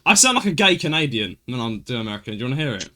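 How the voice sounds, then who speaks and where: Young British man, podcast host, excitable, teasing, bright tone, lively pitch. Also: racing, slight background noise. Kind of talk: casual podcast chat.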